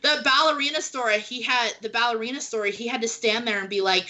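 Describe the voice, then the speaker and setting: A woman hosting a casual panel chat, an animated storyteller who acts out quotes from her writing life. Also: fairly high pitch, brisk, rough recording. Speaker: podcast host, romance author.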